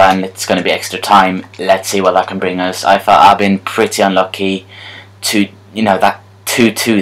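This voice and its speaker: A young man commentating his own football video game match live, excitable, moving between muttered asides and shouting at the game. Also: deep voice.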